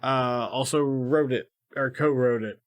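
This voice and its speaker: A man's voice: mid-range voice, fairly even intonation, measured pace. A man co-hosting a podcast in casual chat, joking around with lots of swearing. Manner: profane, joking banter. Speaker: podcast co-host.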